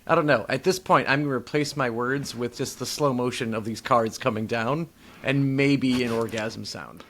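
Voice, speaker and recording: A man's voice: mid-range voice, normal speed, a bit bright. A man co-hosting a podcast in casual chat, laid-back and rambling, often laughing along. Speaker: podcast co-host.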